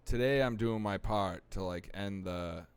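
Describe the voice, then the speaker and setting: A young man telling his recovery story in casual talk, animated and acting out the people he quotes. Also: on the low side, measured pace, clean tone, no room sound. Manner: animated, acts out quoted voices. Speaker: podcast guest.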